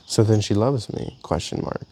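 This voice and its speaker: A young man reads entries from his own journal aloud in a casual, halting way, often restarting his sentences. His voice sits low and has a gravelly, rough edge to it. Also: fairly even intonation, dark tone. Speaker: vlogger. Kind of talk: reading a personal journal aloud.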